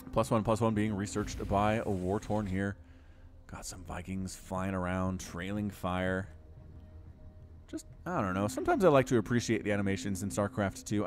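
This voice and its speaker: Animated young man casting a strategy game. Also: fairly low pitch, slight background noise. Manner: animated, chatty, rises sharply when excited. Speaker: game caster. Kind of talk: game commentary.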